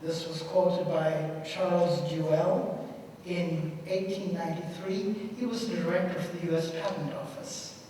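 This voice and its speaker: Older man from Germany, folksy speaker, somewhat high voice, heard from far off in a big echoing hall. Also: steady tone, unhurried, mellow, a little hiss or hum. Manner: jokey, folksy storytelling. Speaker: seminar speaker. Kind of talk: public talk to an audience. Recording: echoey hall, picked up from far off.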